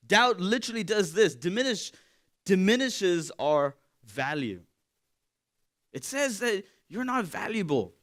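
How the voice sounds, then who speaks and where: A man giving a sermon in a candid, conversational way, swinging from loud to hushed. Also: on the high side. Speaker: pastor.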